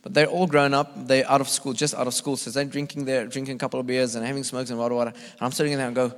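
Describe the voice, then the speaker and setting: A man's voice: medium pitch, rapid-fire, few pauses. Man preaching in echoey church hall. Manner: animated, acts out voices, laughs often. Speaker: visiting evangelist. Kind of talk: storytelling sermon. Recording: long church hall reverb.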